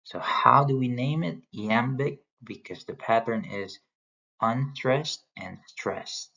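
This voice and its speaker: A man's voice: mid-range voice, slow, vocal fry, sharp tone. A man teaching a lesson on poetry, explaining step by step as he points to examples on slides. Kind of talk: recorded lecture on poetry. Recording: dull lo-fi sound.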